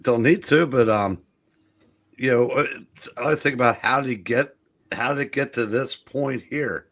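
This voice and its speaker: A man's voice: mid-range voice, measured pace, fairly bright tone. A man in a casual chat, making dry jokes.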